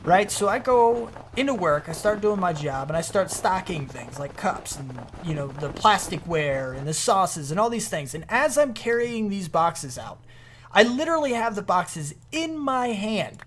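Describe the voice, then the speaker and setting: A man's voice: sits high, moderate pace, background noise. Rambling storytelling gamer guy. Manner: rambling, animated anecdote with many restarts. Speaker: gaming YouTuber. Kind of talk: storytelling while playing a game.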